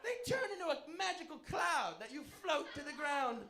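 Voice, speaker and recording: Animated high-voiced male comedian. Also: brisk. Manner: animated, crude, swings to shouting for punchlines. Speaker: stand-up comedian. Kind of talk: stand-up storytelling. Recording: echoey room, faint background noise.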